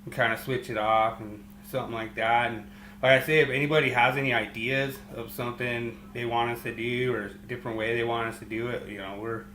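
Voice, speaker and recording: A man co-hosting a casual sports podcast, easygoing and agreeable, halting with fillers as he talks. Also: mid-range voice, little pitch movement, sharp tone, roomy sound, slight background noise. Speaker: podcast co-host. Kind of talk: casual chat.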